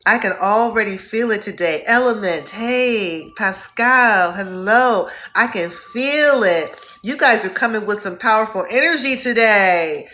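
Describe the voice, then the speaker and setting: Effusive woman hosting a slow live stream. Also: medium pitch, expressive, bright, forceful tone, soft background music. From Northeast Ohio. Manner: effusive, drawn-out greetings, upbeat. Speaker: host. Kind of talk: live stream chat greeting viewers.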